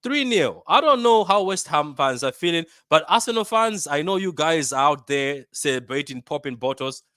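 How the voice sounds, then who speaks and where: A man from Africa talks through a football match reaction in loose, bantering chat, repeating points for emphasis. His voice is bright and forceful and sits a little high. The sound is dry and close, with no room echo. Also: normal speed, smooth. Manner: animated, bantering, repeats himself. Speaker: football fan channel host.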